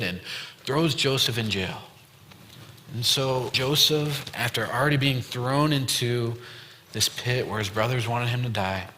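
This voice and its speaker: This youth pastor's voice is mid-pitched, pushed and bright, with a slight hiss or hum on the recording. Speaking casually in a church youth room full of long hall echo, he retells a story through loose quoted dialogue, with lots of fillers.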